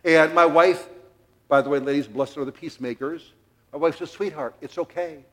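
A man's voice: fairly high pitch, moderate pace. A middle-aged man preaching a sermon in a church, telling a family story with jokes and acting out the quotes. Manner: animated, jokey, acts out quotes. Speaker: pastor.

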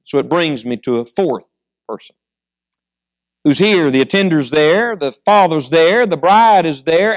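Male preacher, high voice, middle-aged, fervent sermon delivery with soft storytelling. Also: lively intonation, a little slow. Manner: swings between quiet storytelling and rising fervent exhortation.

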